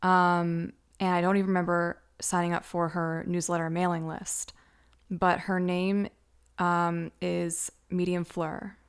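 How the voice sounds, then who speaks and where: A woman with a low, smooth voice carrying a bit of gravel underneath. Her pitch stays flat and even. She tells a personal story in a loose, chatty way full of fillers. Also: measured pace. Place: Los Angeles.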